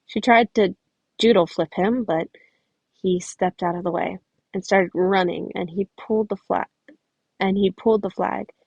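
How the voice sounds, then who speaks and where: A woman's voice: medium pitch, fairly even intonation, unhurried, gravelly, darkish tone, slightly rough, dry recording, highs cut off. A woman reading a fan story aloud, often stumbling and restarting phrases, with chatty asides to her listeners. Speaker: podfic reader.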